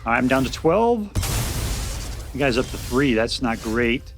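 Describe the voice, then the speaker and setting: A man giving casual, chatty commentary on a card game he is playing, thinking out loud with restarts and bursts of excitement. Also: mid-range voice, slow, over music. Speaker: game streamer. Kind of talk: casual gameplay commentary and deck review.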